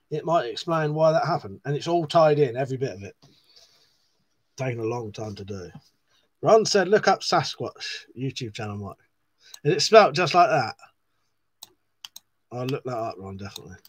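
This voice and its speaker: A man's voice: medium pitch, animated, normal speed, long pauses. A man hosting a live stream, reading viewers' comments aloud in a casual, chatty way, swearing often and laughing at himself.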